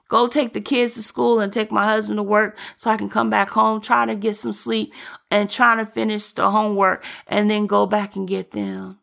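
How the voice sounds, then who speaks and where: A woman's voice: a little high, gravelly, a bit bright. A woman preaching a sermon in an earnest, direct, exhorting way, addressing listeners with questions.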